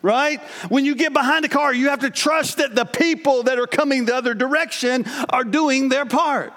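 A man in his forties delivers a sermon with a very high voice. He talks in a lively, conversational way, telling stories and turning to the congregation with asides. The long reverb of a church sanctuary hangs behind every line. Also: normal speed. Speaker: pastor.

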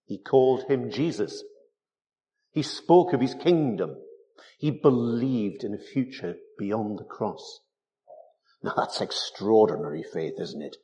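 A man's voice: fairly low pitch, expressive, slow pace, mellow. A man preaching a sermon, emphatic and full of rhetorical tag questions.

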